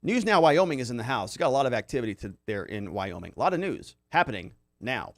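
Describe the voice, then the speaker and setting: A man's voice: medium pitch, big pitch swings, fast, few pauses, no echo, studio quality. A man hosting a casual commentary livestream, reading viewer comments aloud and reacting in a loose, conversational way with many fillers. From Arizona. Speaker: livestream host reading chat.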